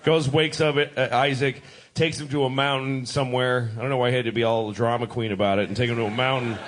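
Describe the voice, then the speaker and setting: A middle-aged man doing live stand-up comedy, telling stories in an animated, profane and exasperated way. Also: mid-range voice, fast.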